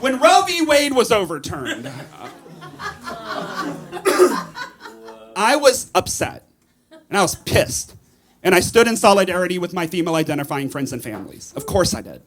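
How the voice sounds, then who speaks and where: A man doing a stand-up comedy set on a club stage, animated and shouting his punchlines, recorded live through a stage mic with audience noise. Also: high voice, a little slow, pauses often.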